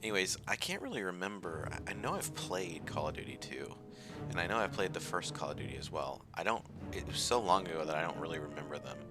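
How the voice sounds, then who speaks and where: A man's voice: deep voice, animated, fast, few pauses, over music. A man hosting casual let's-play commentary, rambling and self-deprecating with lots of fillers. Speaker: gaming channel host.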